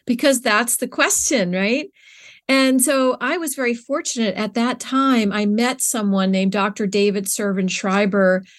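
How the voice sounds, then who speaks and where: Her voice is a little high, her intonation fairly even, and her pace measured. She's a middle-aged nonprofit co-founder talking as an interview guest in an earnest, searching way, often beginning sentences again with fillers.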